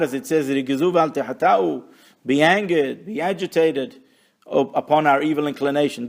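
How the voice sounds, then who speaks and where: A man teaching a Torah lesson, reading Hebrew phrases and translating and explaining them with wry asides. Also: on the high side.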